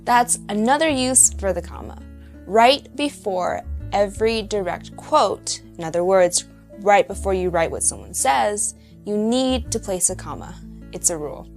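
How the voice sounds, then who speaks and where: A woman teacher narrates a lesson in a slow, clear way, with a voice of middle pitch. Soft guitar music plays faintly behind her. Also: lively intonation.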